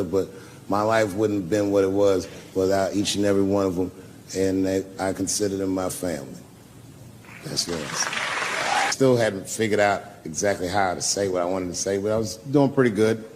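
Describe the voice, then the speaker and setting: A man's voice: fairly low pitch, darkish tone, slight background noise. A man doing live stand-up, telling stories in a loose, profane, conversational way. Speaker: stand-up comedian.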